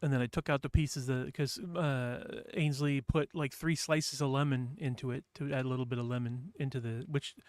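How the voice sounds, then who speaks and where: A man's voice: medium pitch, fairly even intonation, normal speed, few pauses, no room sound, clean studio sound. Chatty man hosting a morning stream. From New Hampshire. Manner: rambling, chatty, reads chat aloud. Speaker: livestream host. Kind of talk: casual chat with viewers.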